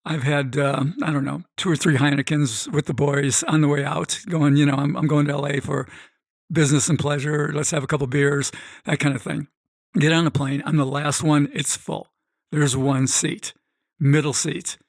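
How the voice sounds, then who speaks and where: A middle-aged man tells a story with animated energy, jumping into the voices of the people he quotes. His voice sits a little high and has a gravelly edge, and the sound is dry and close. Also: moderate pace, no room sound. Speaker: guest, gambling expert. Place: podcast studio.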